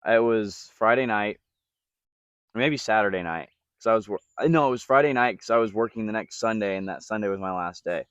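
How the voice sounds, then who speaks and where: A young man telling a bar story as podcast co-host, relaxed and unhurried, correcting himself as he goes. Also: on the low side, clean tone, dry recording. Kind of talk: casual storytelling. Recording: slightly dull, lo-fi mic.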